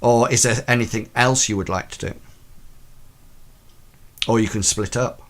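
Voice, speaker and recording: A man's voice: mid-range voice, steady tone, normal speed, fairly bright tone. A man narrating a tabletop role-playing game as game master, in a hesitant way with many ums and restarts.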